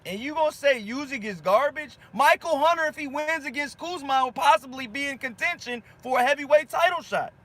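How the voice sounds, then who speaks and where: A man with a strikingly high voice hosts a boxing channel and argues heatedly with viewer comments. His talk is fired-up and full of slang, and he repeats his points over and over for emphasis. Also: a little fast, few pauses, sharp tone.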